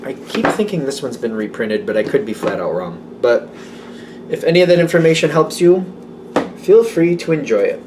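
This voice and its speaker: A man's voice: medium pitch, normal speed, noisy background. Rambling male tarot reader. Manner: rambling, self-correcting, excitable. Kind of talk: casual tarot reading.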